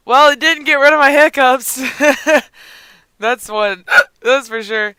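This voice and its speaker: Excitable young man with hiccups. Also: very high voice, slow, dry recording. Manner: excitable, gasps and yelps, talks to game characters. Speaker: let's play gamer. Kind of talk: gameplay commentary.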